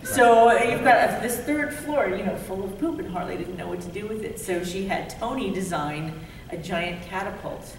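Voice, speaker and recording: A middle-aged woman, a comics artist on a convention panel, telling a story in a lively, giggly way with lots of fillers. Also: medium pitch, moderate pace, a little hiss or hum. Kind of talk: casual storytelling. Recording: echoey hall from far off.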